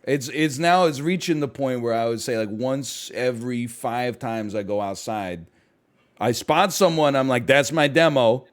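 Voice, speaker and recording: A man in his thirties chatting casually, telling relaxed, self-deprecating stories about being a streamer. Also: medium pitch, normal speed. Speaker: streamer and show regular. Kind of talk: casual chat.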